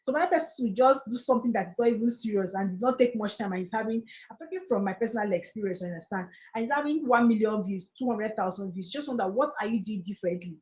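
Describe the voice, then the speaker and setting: A woman's voice: medium pitch, quick pace, hardly any pauses, a little mellow, rough recording. A woman with a Nigerian accent giving earnest, preachy encouragement on a live stream, repeating phrases for emphasis. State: tearful, close to crying. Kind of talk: motivational live-stream talk.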